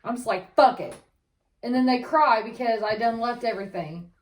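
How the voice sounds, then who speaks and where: A blunt woman with a fairly high voice co-hosts a casual podcast and swears heavily. Her voice rings around an echoey room. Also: fairly quick. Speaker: podcast co-host. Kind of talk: casual chat.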